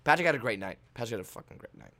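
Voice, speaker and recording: A young man hosting a podcast, telling a story in an animated, excitable way with many restarts. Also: medium pitch, rapid-fire. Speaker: volleyball player and podcast host. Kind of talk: casual storytelling.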